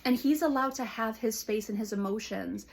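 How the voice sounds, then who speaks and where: A woman's voice: a little high, normal speed, creaky, a little hiss or hum. Lady counselor chatting to camera, storytelling, lots of ums and restarts. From United States. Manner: warm storytelling with frequent fillers and restarts. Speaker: licensed counselor. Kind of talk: casual advice talk to camera.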